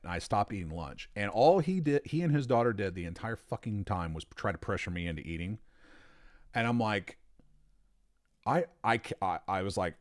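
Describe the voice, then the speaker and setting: Animated, profane man telling a story. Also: fairly low pitch, no echo, studio quality. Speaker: storyteller recounting a former boss. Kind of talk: casual storytelling.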